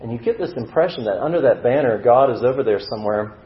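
A man's voice: medium pitch, expressive, fast. Man preaching a story sermon in a roomy hall. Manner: acts out the inner voice of a struggling believer, drops to a murmur for quoted doubts. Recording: roomy, slightly dull sound.

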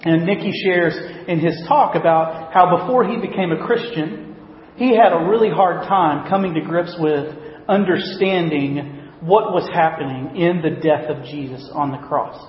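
A man preaches a casual sermon to his church, relaxed and joking, leaning on frequent ums and you-knows. His voice sits a little high. The sound is slightly dull and carries the long echo of a large room, with faint ambience behind. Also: a little slow. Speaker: pastor. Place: church worship gathering hall. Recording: dull, roomy hall recording.

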